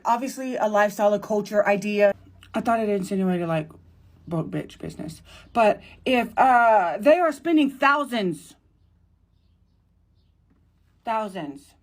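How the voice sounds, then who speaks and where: A woman's voice: fairly high pitch, darkish tone. A woman hosting a commentary video, ranting bluntly with heavy profanity and exasperation. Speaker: commentary host.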